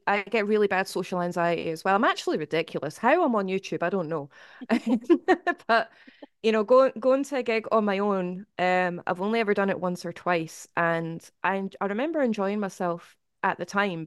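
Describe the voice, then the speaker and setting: A Scottish woman talks casually as a podcast guest. Her voice is smooth and clear, recorded close and dry. She makes fun of herself and laughs easily between her thoughts. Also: medium pitch, moderate pace, no room sound. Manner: self-deprecating, laughs often. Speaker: podcast guest, YouTube album reviewer. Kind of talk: casual chat.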